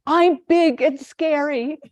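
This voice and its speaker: A woman's voice: slow, a little mellow, dry recording. A woman voicing a panicked young man. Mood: pleading. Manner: panicky, pleading, high-pitched outbursts. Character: frightened young man facing a mountain lion.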